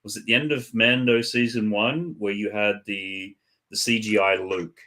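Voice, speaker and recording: A man co-hosting a casual live-stream chat, with a fairly low voice. He explains his points in a calm, measured way.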